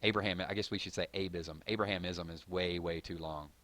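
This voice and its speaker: Deep-voiced man hosting a casual live stream. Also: fairly even intonation, fairly quick, a bit bright. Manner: rambling and conversational, with frequent fillers and self-corrections. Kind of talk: casual live stream chat reading viewer comments.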